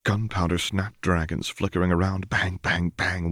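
A man narrating fan fiction as an audiobook in a slow, measured, dramatic reading. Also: low voice, little pitch movement, no echo, studio quality.

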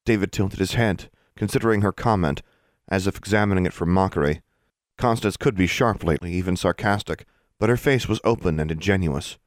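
A man with a very low, deep voice narrates an audiobook in a steady, measured way. The recording is dry and close, with no room sound. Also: no echo.

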